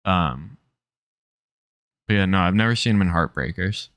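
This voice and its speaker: Low, bright, crisp male streamer, dry close sound, offhand and profane. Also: animated, normal speed, no room sound. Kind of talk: casual chat reacting to a clip.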